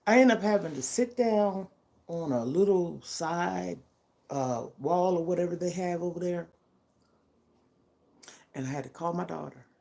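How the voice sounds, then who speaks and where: A woman's voice: lowish voice, measured pace, creaky, long pauses, warm tone. An older woman talking to her vlog audience in a heartfelt, emphatic way, often checking in with her listeners. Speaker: vlogger. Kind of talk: casual personal vlog chat.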